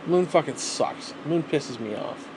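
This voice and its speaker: A man's voice: a little high, animated, normal speed, background noise. A man ranting alone in a vlog, rambling and exasperated, swearing constantly. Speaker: vlogger. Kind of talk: solo rant to camera.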